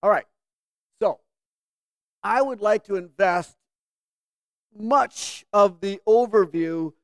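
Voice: mid-range voice, dry recording. A pastor leading a prayer and then introducing a teaching series in a conversational, joking sermon style.

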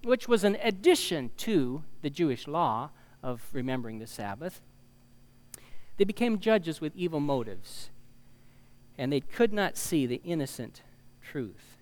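Preaching at a measured pace, a man with a slightly high voice sounds very animated as he reads scripture and wanders into asides and fillers. His conversational sermon grows louder whenever he reaches a key phrase.

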